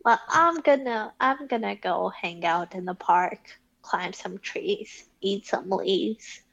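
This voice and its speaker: A woman's voice: mid-range voice, slow, vocal fry, fairly bright tone, no room sound. A woman playing a tabletop game in character, rambling with many fillers. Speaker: player. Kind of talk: casual tabletop role-play. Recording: dull, dry lo-fi mic.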